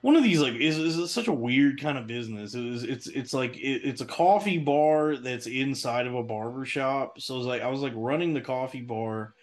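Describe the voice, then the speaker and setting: A man's voice: mid-range voice, moderate pace, few pauses. Rambling, profane man telling a story. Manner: rambling, profane, frequent restarts and fillers. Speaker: podcast host. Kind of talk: casual storytelling monologue.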